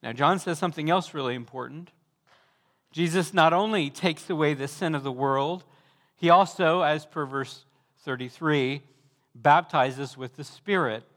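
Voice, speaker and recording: A man preaches with fervent, rising emphasis, stacking repeated calls one after another. His voice sits high for a man. The sound carries the long reverb of a large church hall. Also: measured pace, a bit bright. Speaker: pastor. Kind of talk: sermon.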